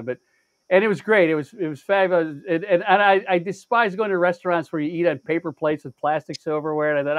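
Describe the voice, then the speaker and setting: Animated, high-voiced man telling a profane story. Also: dry recording, phone-quality sound. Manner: animated, profane, acts out quotes with big pitch jumps; halting restarts and stammered repeats. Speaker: show regular. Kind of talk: casual storytelling chat.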